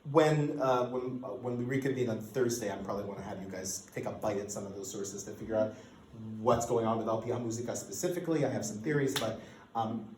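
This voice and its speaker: A man giving an academic lecture, lively and animated, often restarting his sentences as he explains a source. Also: fairly low pitch, fast, echoey room, slight background noise, poor audio. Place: lecture room.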